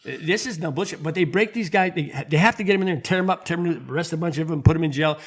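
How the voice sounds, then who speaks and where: A man's voice: a little high, racing. A man hosting a podcast, ranting in a heated, profane way and often restarting his sentences. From United States. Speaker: podcast host. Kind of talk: casual political rant.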